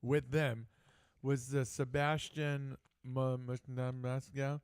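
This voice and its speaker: A man's voice: medium pitch, level tone, slow pace, a little mellow, smooth. A man in casual chat as host, blunt and teasing with the others, laughing often.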